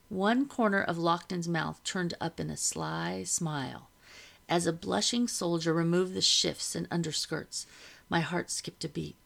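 A woman reading a novel aloud to listeners in a steady storytelling manner, with a gravelly voice. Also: on the low side, a little slow.

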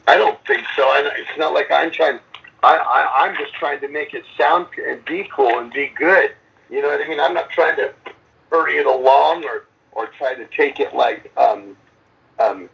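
Gravelly, raspy-voiced man on a lo-fi line. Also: a little high, moderate pace, fairly bright tone. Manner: rambling, profane, lots of restarts and acted-out quotes. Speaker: metal band frontman. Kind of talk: casual interview answers.

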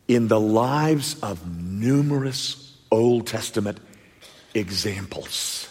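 A man preaching a sermon to his congregation, emphatic, with dramatic pauses and rhetorical questions. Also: fairly low pitch, lively intonation, breathy edge. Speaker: pastor. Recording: long echoey church reverb.

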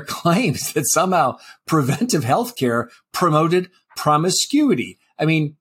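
A man's voice: fairly high pitch, slightly rough. A man co-hosting a health policy talk show, arguing in a pointed, impassioned way. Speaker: podcast co-host. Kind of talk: casual policy discussion.

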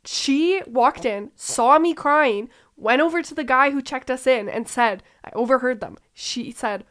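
Smooth-voiced, indignant woman co-host. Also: high voice, measured pace, hardly any pauses, a bit bright. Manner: indignant recounting, casual swearing. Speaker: podcast co-host. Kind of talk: casual comedic chat.

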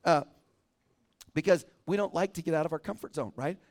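A man's voice: fairly high pitch, brisk. A middle-aged man preaching a sermon as a pastor, in a conversational way, often checking in with listeners with "right?".

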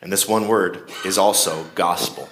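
A man's voice: low-pitched, steady tone, normal speed, a bit bright, slight background noise. A man preaching a sermon in a conversational way, with shifting emphasis. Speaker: pastor.

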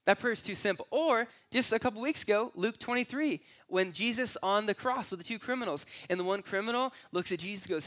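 A man preaching a sermon, telling a long story in second person and moving between hushed, low moments and loud, exclaiming ones. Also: expressive, fairly quick, few pauses. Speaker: pastor.

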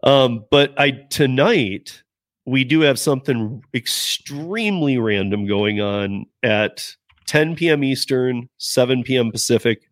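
A man's voice: mid-range voice, animated, a little slow, no room sound. Middle-aged man, guest on a chatty podcast; rambly, restarts a lot, dry recording. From Denver area. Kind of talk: casual podcast chat.

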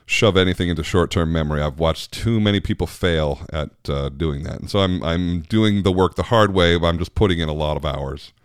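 A man's voice: a bass voice, clear, resonant tone, dry recording, clean studio sound. A man hosting his own podcast, talking casually and rambling with frequent laughs. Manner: chatty, rambling, laughs often. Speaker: podcast host. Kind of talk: casual solo podcast chat.

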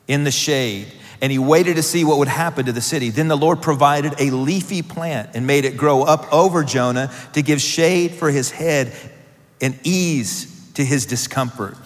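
A man preaching a sermon to a congregation, reading scripture and breaking off into joking asides with building emphasis. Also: mid-range voice. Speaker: pastor. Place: church hall. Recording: long hall reverb.

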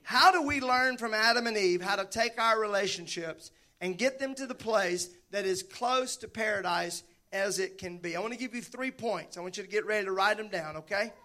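A man preaching with a high, bright voice. He is animated and jokes with his listeners as he works through his sermon. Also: moderate pace, few pauses. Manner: animated, joking with the congregation. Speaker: pastor.

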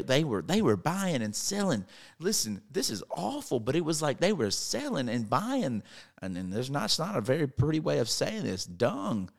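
Male podcast preacher, earnest, stumbling restarts, mid pitch, conversational sermon. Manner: earnest, repeats words and restarts while retelling Bible stories.

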